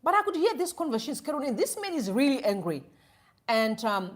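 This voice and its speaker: A woman's voice: high-pitched, big pitch swings, a little fast. A woman from Zimbabwe, hosting a live stream with opinionated commentary and acting out both sides of a conversation as she tells a story. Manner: mixes Shona phrases into English.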